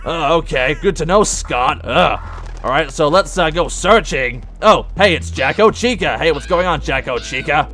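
A man's voice: on the high side, animated, moderate pace, faint music behind. A man voicing a brash male animatronic pirate fox, playing a game in pirate talk and losing his temper. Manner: pirate talk, hot-tempered, loud outbursts. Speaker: let's play gamer in character.

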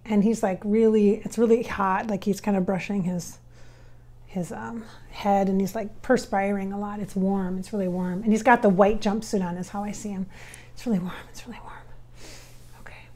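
A woman working as a spirit medium, talking her viewers through a casual channeling session in a halting, filler-heavy way. She often drops into soft, near-whispered asides. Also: medium pitch, fairly even intonation.

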